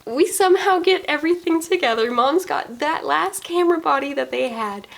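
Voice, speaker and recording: Young female vlogger, mid-high and a bit gravelly, animated storyteller who acts out quotes. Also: moderate pace. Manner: animated storytelling, acting out quoted dialogue, frequent laughs. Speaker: wedding photographer and vlogger. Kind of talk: casual storytime vlog.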